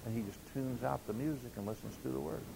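An older man preaches a sermon in a mid-range, creaky voice, talking fast over background noise. He tells folksy stories and acts out the quotes.

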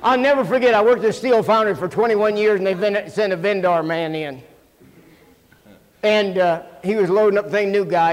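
A middle-aged man preaches in a folksy, storytelling way, his voice sitting high for a man. He acts out the people in his stories with sudden loud shouts. The sound rings with the long reverb of a church hall. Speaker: pastor. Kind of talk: sermon with stories. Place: church sanctuary.

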